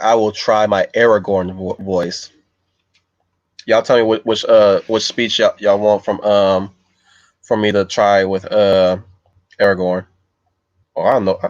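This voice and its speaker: A man with a fairly low voice hosts a casual livestream and thinks aloud as he responds to his chat. He wanders from point to point in a loose, unscripted way. The sound is dry and a little dull, like a basic home mic. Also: no echo. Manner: loose, meandering, thinks aloud while answering viewers. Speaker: livestream host reading chat.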